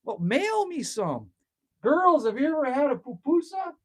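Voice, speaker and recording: Very high-pitched and very animated, this man speaks a little slowly. He's a middle-aged Canadian hosting a casual phone livestream outdoors at a cabin, reading viewer comments aloud while he rambles, rants and swears freely.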